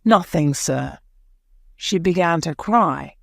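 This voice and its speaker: A woman's voice: on the low side, lively intonation, takes it slowly, vocal fry, a bit bright, dry recording, studio quality, heavily acted. A woman voicing a nervous male airport policeman giving hesitant, polite answers in court. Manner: hesitant, deferential, adds "sir".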